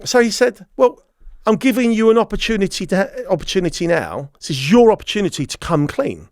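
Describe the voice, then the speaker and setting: A man's voice: sits high, fairly quick, no room sound, clean studio sound. A man, a podcast guest telling a story and acting out the dialogue. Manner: animated, acts out quoted dialogue. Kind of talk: storytelling interview.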